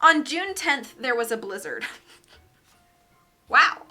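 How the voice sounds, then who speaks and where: A woman streamer reading a children's book aloud, lively and doing character voices. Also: sits high, takes it slowly, soft background music.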